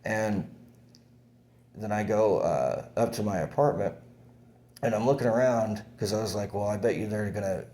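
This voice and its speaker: A man's voice: lowish voice, a little mellow. A young man telling a long personal story in a rambling, profane way, full of fillers and restarts. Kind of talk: casual monologue recounting events.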